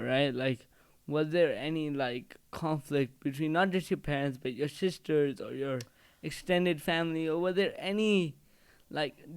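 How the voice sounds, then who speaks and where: Smooth-voiced, affirming podcast host. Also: male voice, fairly high pitch. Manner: rambling, filler-heavy, affirming. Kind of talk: casual interview chat.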